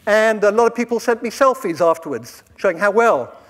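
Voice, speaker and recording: Wry British man giving a lively talk. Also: sits high, brisk, big-room sound. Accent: British English. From Britain. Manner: lively, wry and conversational, with asides. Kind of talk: live public talk with slides. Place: lecture hall with audience.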